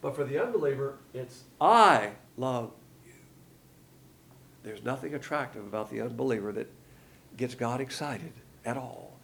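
A man teaches a Bible lesson in a gravelly voice with some creak to it. He sits at a middle pitch and explains scripture point by point. He shifts the stress in his voice to show what he means. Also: brisk.

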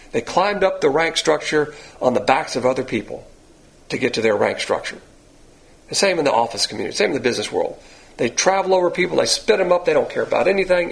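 An older man preaching a sermon in a blunt, animated, coarse-spoken way. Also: fairly high pitch, low-quality recording. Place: church in Texas.

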